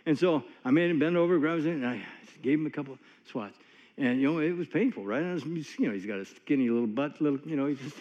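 A man's voice: a little high, a little mellow. Folksy preacher man in a reverberant hall. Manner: folksy, conversational storytelling with many asides. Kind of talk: sermon with personal stories. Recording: long hall reverb, dull lo-fi sound.

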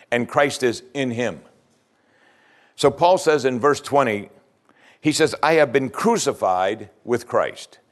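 Man preaching a conversational sermon. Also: mid-range voice. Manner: conversational preaching, paraphrasing scripture in plain speech. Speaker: pastor.

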